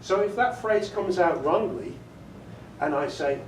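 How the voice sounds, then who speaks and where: A man with a fairly high voice and lively intonation speaks fairly quickly in a meeting room, leading a casual talk on narrating audiobooks. Chatty and self-amused, he laughs frequently and demonstrates inflections, with a distant, echoey recording and slight hiss or hum.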